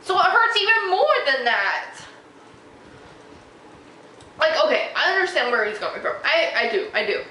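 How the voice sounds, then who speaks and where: A woman's voice: high-pitched, very animated, normal speed, long pauses, bright, forceful tone. A young woman telling a story on her vlog, worked up and emotional as she retells an argument. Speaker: vlogger. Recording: echoey room with faint noise.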